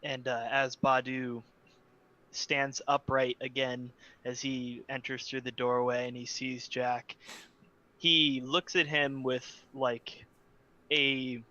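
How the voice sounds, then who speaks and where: Game player guy, bright sharp voice, muffled lo-fi audio, describes what his character does. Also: medium pitch, little pitch movement, slow pace. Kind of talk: tabletop game play.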